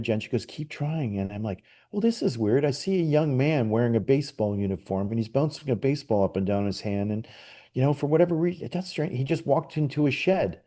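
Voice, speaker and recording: A middle-aged psychic medium, appearing as a podcast guest, tells a long personal story in a warm, medium-pitched voice. His delivery is casual and rambling, full of fillers and restarts.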